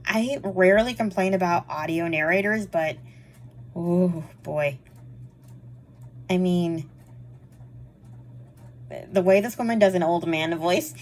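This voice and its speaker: Woman rambling about books she read, lots of likes and ums, laughs easily. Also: on the low side. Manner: chatty and rambling, frequent fillers and quick laughs. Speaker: book reviewer. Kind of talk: casual monthly reading wrap-up chat.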